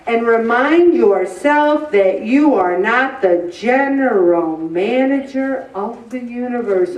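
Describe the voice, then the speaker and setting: A woman's voice: a little high, a little mellow. A middle-aged woman giving a humorous, chatty faith talk on stress, joking and acting out little exchanges. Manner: chatty, jokey, acts out little quoted exchanges. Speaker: inspirational speaker. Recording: echoey room, mic at a distance.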